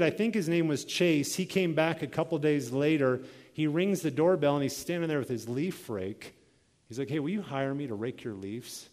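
Guy preaching, storytelling with voices, kinda high voice, big echoey hall. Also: a little mellow. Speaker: pastor. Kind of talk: sermon.

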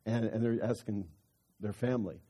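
A man's voice: fairly low pitch, steady tone, moderate pace, warm tone, breathy edge. A man preaching a sermon, telling a story in a conversational way that builds into fervent exhortation.

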